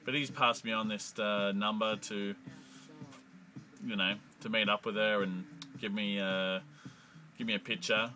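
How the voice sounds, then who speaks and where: A man's voice: on the low side, little pitch movement, measured pace, long pauses, pushed and bright, rough recording. A young Australian man telling a crude, profanity-laced comic story in a rambling monologue. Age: young adult.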